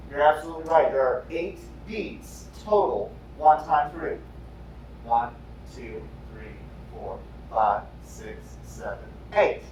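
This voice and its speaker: A man teaching a remote music lesson, leading students through rhythms in slow, patient call and response. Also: fairly high pitch, a little hiss or hum. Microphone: camera set away from him. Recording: echoey room, far from the mic.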